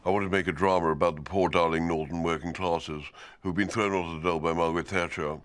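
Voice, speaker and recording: An actor playing a pompous, plummy older television executive reminiscing smugly. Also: male voice, low voice, fairly even intonation, fast, a bit bright, a little hiss or hum.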